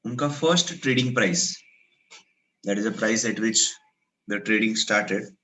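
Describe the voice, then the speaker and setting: A man's voice: lowish voice, a little slow, fairly bright tone, low-quality recording. A man with an Indian English accent giving a classroom lecture, questioning students and explaining step by step while slipping into Hindi.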